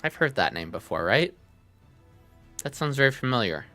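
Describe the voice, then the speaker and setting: Bright-voiced man chatting while gaming. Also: mid-range voice, very animated, normal speed, no echo. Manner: joking, talks to chat and himself. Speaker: game streamer. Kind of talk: casual gameplay chat. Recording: dry close mic, faint music behind.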